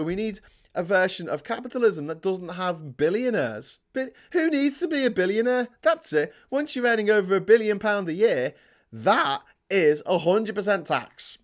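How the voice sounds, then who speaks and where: Sardonic man ranting on a stream. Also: high voice. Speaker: live-stream host. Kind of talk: casual live-stream commentary, reading out chat comments.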